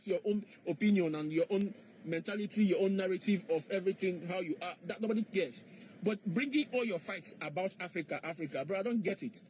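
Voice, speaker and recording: A man's voice: high-pitched, a little fast, darkish tone, slight background noise. A man in a played clip, mockingly repeating questions in an argumentative monologue.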